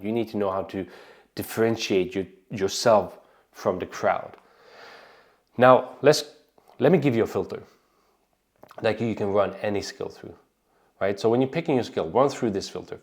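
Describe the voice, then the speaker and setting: With a lowish voice and darkish tone, a Swedish man with a slight accent coaches online business in a relaxed talk to camera. He keeps asking "right?" and often restarts what he's saying.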